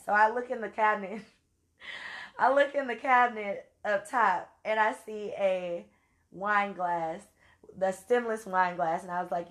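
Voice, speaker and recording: A woman's voice: medium pitch, a little slow. A woman from Louisiana with a Louisiana accent, telling a story casually and with salty language while acting out her own quotes. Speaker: vlogger.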